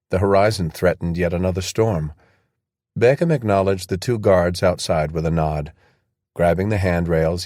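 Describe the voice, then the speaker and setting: A man narrating an audiobook in a steady, even scripted style. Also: sits low, dry recording, clean studio sound.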